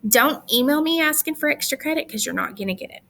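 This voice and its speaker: A woman's voice: high-pitched, lively intonation, fast talker, gravelly, fairly bright tone. A young adult woman teacher giving recorded instructions to her students, chatty and firm with teasing asides.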